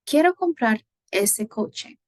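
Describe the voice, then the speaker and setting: A woman's voice: a little high, lively intonation, slow pace, darkish tone, no echo. A woman teacher giving a recorded lecture, explaining patiently, switching between English and Spanish examples and often checking in with "right?".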